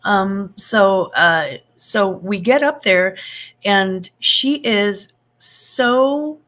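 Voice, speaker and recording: A woman in her fifties talks through a casual live-stream chat at a middle pitch. She rambles with plenty of ums and restarts, and calls her viewers sugar and honey. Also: animated, drawn-out words, a bit bright. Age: 50s. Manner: chatty and rambling, with frequent fillers and restarts; affectionate, greets viewers with endearments.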